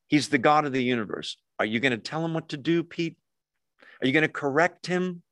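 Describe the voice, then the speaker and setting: Lively man teaching a Bible study. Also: fairly high pitch, normal speed, no echo, clean studio sound. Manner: lively, asks the group rhetorical questions.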